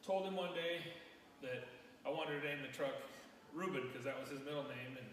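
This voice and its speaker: A man being interviewed in his shop, telling a sentimental story in a halting, emotional way. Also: fairly high pitch, fairly bright tone, a little hiss or hum. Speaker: interview guest, truck owner. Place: his own shop, indoors. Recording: roomy echo from far off.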